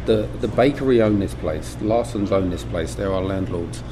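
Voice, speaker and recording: A middle-aged man from England, a butcher shop owner talking in a documentary interview, relaxed and reflective with many ums and restarts. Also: deep voice, moderate pace. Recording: air conditioning hum behind.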